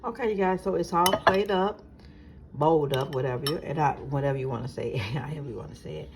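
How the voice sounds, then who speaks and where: A woman's voice: low voice, quick pace, noisy background. A woman talking casually through her home cooking, step by step, as a regular cooking vlogger. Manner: chatty, talks viewers through each step. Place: home kitchen. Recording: kitchen clatter of pots and dishes behind.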